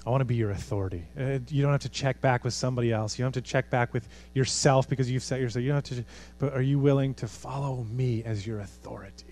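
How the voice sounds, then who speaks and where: A man preaching a sermon as a pastor, earnest, moving from lively urgency to hushed, quiet appeals. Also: mid-range voice, quick pace, slight background noise. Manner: earnest, swings from animated to hushed.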